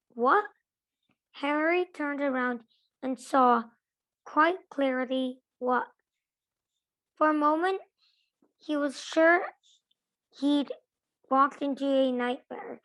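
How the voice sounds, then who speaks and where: A woman reading a novel aloud to a club, steady and careful, with small self-corrections. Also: high-pitched, rough recording. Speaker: reader.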